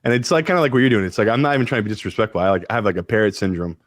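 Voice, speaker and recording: An easygoing man co-hosts a betting podcast and talks fast in a lowish voice. His sound is dry and close, with no room around it. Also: lively intonation, dry recording. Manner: easygoing, laughs often. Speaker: professional bettor, co-host. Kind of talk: sports betting podcast chat.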